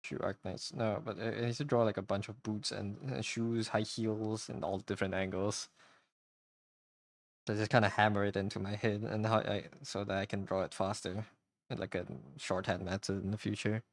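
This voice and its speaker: Gravelly, low-voiced man streaming while drawing. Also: level tone, normal speed, no echo, studio quality. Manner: rambling, self-chatting, goofy asides. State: hiccuping.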